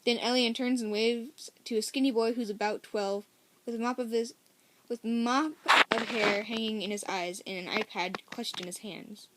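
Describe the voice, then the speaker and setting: A woman's voice: a little high, steady tone, moderate pace, slight background noise. A woman reading a novel aloud in a casual, first-person way, often correcting herself and making chatty asides. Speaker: story reader.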